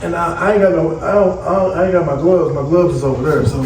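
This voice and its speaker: Talking fast in a slightly high male voice, a father and family vlogger chats loosely to camera, rambling and speaking directly to viewers. The setting is a small, dusty home basement, recorded with echo and loud background noise.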